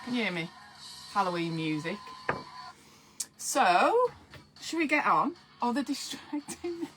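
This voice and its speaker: A woman's voice: fairly high pitch, sing-song, unhurried, a bit bright, poor audio. A woman hosting a casual live stream, chatty and giddy, fussing over her pets between greetings to viewers. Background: faint Halloween music.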